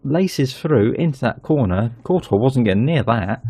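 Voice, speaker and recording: Male gaming host, gravelly and mellow, dry close sound, chatty commentary. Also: mid-range voice, moderate pace, few pauses, no echo. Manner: chatty, excitable when goals go in. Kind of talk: casual game commentary.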